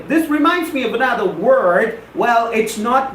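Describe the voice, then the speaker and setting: Teacher, high voice, echoey. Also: male voice, expressive, normal speed, few pauses, a little hiss or hum. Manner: repetitive, drilling pronunciation, addresses viewers directly. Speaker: English teacher on a live stream. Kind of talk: live-stream English lesson, reading out viewer comments.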